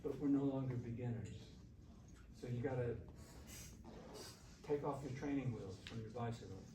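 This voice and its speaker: A man's voice: mid-range voice, moderate pace. Male music teacher leading a workshop, chatty and coaxing, distant mic in an echoey classroom. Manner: conversational, coaxing, asks the class questions. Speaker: shakuhachi teacher. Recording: roomy, from far off, faint hiss.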